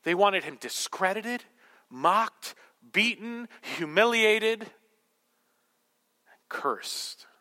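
A male pastor preaching a sermon to a congregation, swinging from loud, emphatic declarations to hushed whispers. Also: high voice, animated, extremely slow, pauses often. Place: church hall with congregation.

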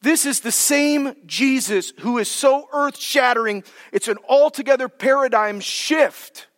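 A man preaching a sermon as pastor, emphatic, drawing key words out slowly for weight. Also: very high voice, fairly bright tone. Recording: long reverb of a large hall.

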